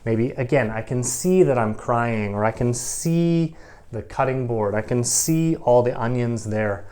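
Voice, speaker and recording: A man's voice: mid-range voice, measured pace, a little mellow. A middle-aged man teaching English grammar to camera, explaining patiently and repeating key phrases.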